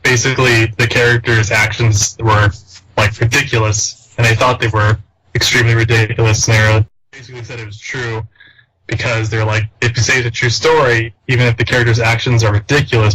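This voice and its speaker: A young man co-hosting a casual film discussion, explaining background facts in a steady way. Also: mid-range voice, a little fast, low-quality recording. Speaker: podcast co-host.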